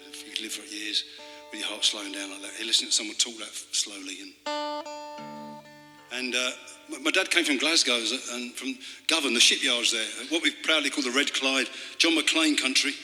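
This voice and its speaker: A man talking between songs at a live club gig, rambling and wry, halting with fillers and political jokes. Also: medium pitch, pushed and bright. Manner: halting, with many fillers and restarts. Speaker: folk singer and storyteller. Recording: hall reverb with guitar playing.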